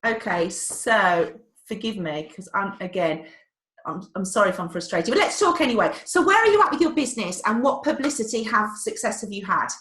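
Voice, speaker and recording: A woman's voice: medium pitch, lively intonation, fairly quick, fairly bright tone, reverberant. A woman hosting a live webinar, chatty and a little flustered by the technology. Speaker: webinar host.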